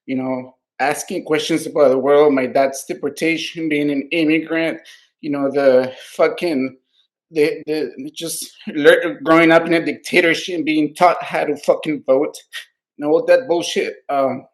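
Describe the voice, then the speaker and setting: A man's voice: fairly high pitch, steady tone, measured pace. A man co-hosting a casual political podcast, talking earnestly and at length, swearing freely and tagging nearly every point with "right?". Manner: earnest, rambling, heavy swearing, constant "right?" tags; heartfelt, openly emotional about his values. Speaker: podcast co-host.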